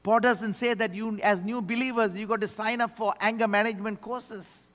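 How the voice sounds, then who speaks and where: A man preaching a sermon as pastor, swinging from quiet low asides to loud commands. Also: fairly even intonation, normal speed. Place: church sanctuary. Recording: long hall reverb.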